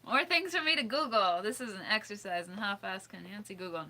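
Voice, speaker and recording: This livestream host has a brisk, sharp-toned, mid-range voice. She works through viewer suggestions out loud, giggling a lot and doubting her own pronunciations as she goes.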